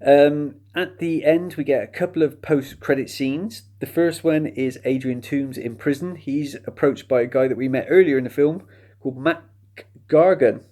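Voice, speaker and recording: Guy rambling through a film review, dry and sarcastic, mid-pitched voice. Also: moderate pace, mellow. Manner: chatty and sardonic, mocking the plot. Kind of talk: casual spoken film review.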